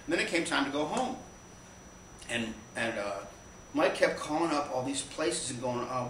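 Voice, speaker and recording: A man's voice: on the high side, expressive, a bit bright, slight background noise. Rambling male storyteller in an echoey room. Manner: rambling, anecdotal, halting with restarts. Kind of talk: live stage storytelling. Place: small theater stage. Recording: echoey live room from far off.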